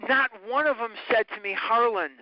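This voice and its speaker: An earnest man from Chicago's north side leads a recovery study group over a phone call, speaking in a high, unhurried voice. His teaching is emphatic and repetitive, and the phone audio sounds dull and dry.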